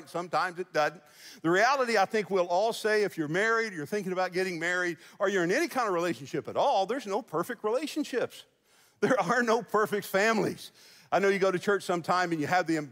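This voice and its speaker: In a big church hall with long reverberation, a pastor preaches to his congregation, his fairly high voice a bit bright. He spins a homespun, humorous tale, laughing between lines.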